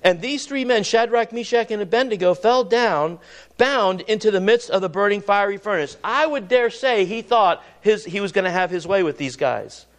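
High-voiced man preaching a sermon. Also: expressive, moderate pace. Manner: earnest, repeats and restarts words, rises and drops pitch for emphasis.

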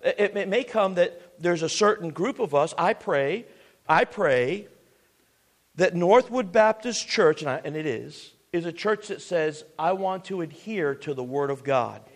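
A man's voice: sits high, animated, measured pace. A man preaching a sermon as pastor, earnest and full of restarts and asides.

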